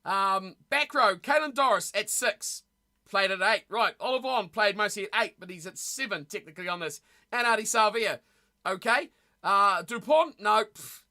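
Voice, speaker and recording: A woman's voice: mid-range voice, animated, normal speed, sharp tone. A woman streamer chatting casually with her live chat, blunt and opinionated, often losing her train of thought.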